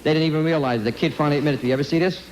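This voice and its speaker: A man's voice: on the high side, rapid-fire, slight background noise. A man with a slightly raised voice speaks to a hall of students in an emphatic anti-drug talk. He talks bluntly in streetwise words, repeats key points and keeps firing direct questions at his listeners. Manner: emphatic and repetitive, asks the audience direct questions.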